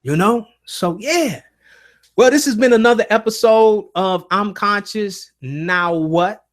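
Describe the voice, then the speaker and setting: A man's voice: high-pitched, slow. A man hosting a casual live-stream show, telling stories earnestly with many restarts and fillers. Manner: emotional, earnest.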